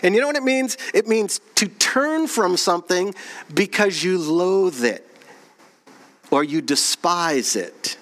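A man preaching a sermon, reading scripture aloud, asking the congregation questions and slowing down on key phrases. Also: expressive, fairly bright tone. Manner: slows and drops low on key phrases. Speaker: pastor.

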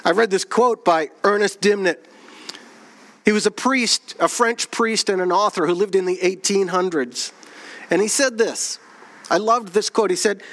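A man preaching a sermon, reading scripture aloud, asking the congregation questions and slowing down on key phrases. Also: a bit bright. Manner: slows and drops low on key phrases. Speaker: pastor.

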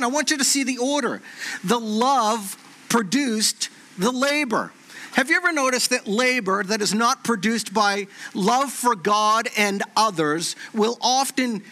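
Male pastor preaching, high bright voice, tells stories in an animated way. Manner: animated storytelling, repeats phrases for effect. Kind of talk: sermon with a personal story.

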